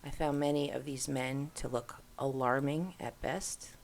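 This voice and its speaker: Middle-aged woman host, low gravelly voice, rambling casual screen-share chat. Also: steady tone, measured pace, darkish tone, a little hiss or hum. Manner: rambling, musing aloud.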